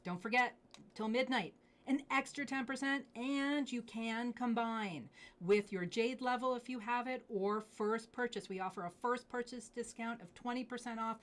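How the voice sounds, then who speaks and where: A woman hosting a live jewelry sales show, gushing over pieces and dropping into hushed asides. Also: on the high side, normal speed. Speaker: jewelry live-stream host.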